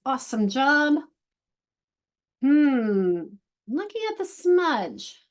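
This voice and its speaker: A woman literacy instructor leading an online workshop for teachers, encouraging and sounding out syllables slowly. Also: mid-range voice, lively intonation.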